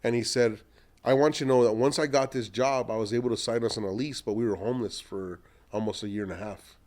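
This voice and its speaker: A middle-aged man, an entrepreneur, telling long animated anecdotes in a podcast interview and acting out what other people said. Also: mid-range voice, quick pace. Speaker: entrepreneur guest.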